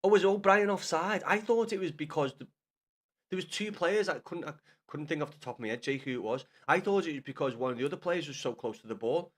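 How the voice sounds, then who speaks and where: A young Liverpool man with a Scouse accent and a fairly high voice talks fast on a live stream. He chats casually about football, rambling and swearing as he calls out viewers by name.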